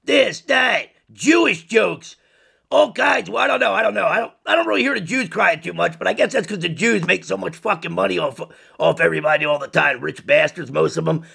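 Guy putting on a swearing purple dinosaur, super gravelly and husky, ranting at the kids. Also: high voice, fairly quick, sharp tone, heavily acted. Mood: profane ranting. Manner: ranting, profane, lecturing kids. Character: foul-mouthed crude purple dinosaur, male, brash. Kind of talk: crude parody monologue.

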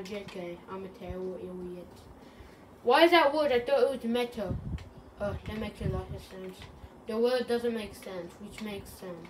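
With a mid-range, slightly mellow voice, a woman hosting a gaming channel rambles through casual, silly, self-deprecating commentary as she plays a video game. The mic is distant, and background noise is clearly audible.

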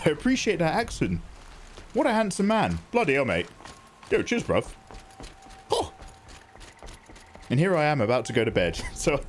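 A man chatting through live gameplay, excitable and jokey, thanking viewers as he plays. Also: on the low side. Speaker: gaming streamer.

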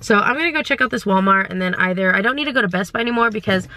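A young woman, vlogging casually from her car and around stores, rambling and indecisive, getting excited as she talks. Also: mid-range voice, very fast. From California. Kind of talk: casual vlog chat.

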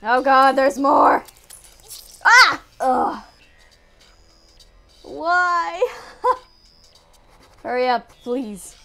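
A young woman giving casual gameplay commentary, excitable, yelping and laughing as she plays. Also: sits high, extremely slow, creaky, pauses often, faint music behind. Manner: excitable, yelps and laughs at the game. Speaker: gaming channel host.

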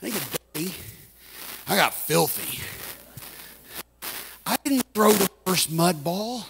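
A guest preacher in a church, delivering a sermon in a rhythmic cadence that puts a quick "uh" before each phrase and lifts into sing-song, shouted lines. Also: male voice, sits high, lively intonation, creaky, slightly rough. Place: church sanctuary.

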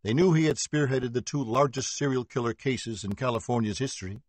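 A man reading a true-crime audiobook as narrator, steady and even, voicing quoted dialogue lightly. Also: mid-range voice, fairly quick, no echo. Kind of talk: scripted narration.

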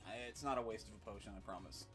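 A man's voice: on the low side, fast, over music. A man giving casual let's play commentary while gaming, rambling with many fillers and swearing freely. He talks his way loosely through the game as he plays.

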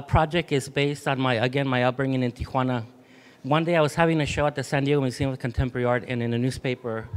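A middle-aged man from Mexico, an artist and museum curator, leading a group through a gallery with a relaxed manner and many ums. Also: medium pitch. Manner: relaxed, with frequent ums and restarts. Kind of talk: gallery tour talk to a group. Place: inside an art museum gallery.

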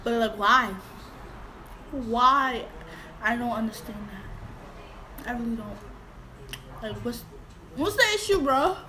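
A woman's voice: on the high side, animated, slow pace, pauses often, noisy background. A woman hosting a casual reaction video, blunt and outspoken in her commentary.

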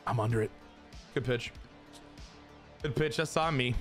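Excitable man streaming a baseball game. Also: medium pitch, unhurried, soft background music. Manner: excitable, swears, talks to chat. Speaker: gaming streamer. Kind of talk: casual gameplay commentary.

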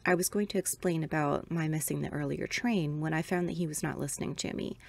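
Gravelly-voiced woman reading a ghost story. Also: low voice, a little fast. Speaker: podcast host reading aloud.

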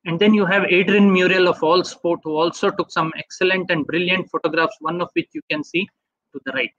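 A man giving a webinar talk, walking through slides in a measured way. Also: sits high, steady tone, fairly bright tone, no echo. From India. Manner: measured, asks for next slide often. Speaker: webinar speaker. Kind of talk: slide presentation lecture. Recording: dull dry online audio.

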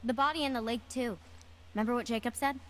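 An actress plays an anxious young woman in a horror game, quickly piecing clues together. She talks fast in a slightly high voice, with faint noise behind it. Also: lightly acted.

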